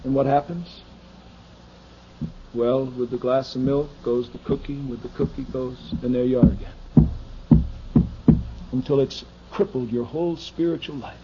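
Pastor guy preaching hard in church, goes quiet then yells, muffled old tape with a little hiss. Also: mid-range voice, steady tone, a little slow, long pauses. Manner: swings from hushed asides to shouted pleas. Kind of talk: fiery sermon. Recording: dull lo-fi archival recording with faint noise.

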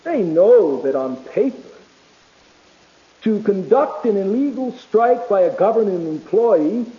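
A man preaching a sermon with emphatic delivery that swings between loud, rising peaks and quiet, low passages, sometimes reading quotations aloud. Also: lively intonation, slow pace. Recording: dull lo-fi recording.

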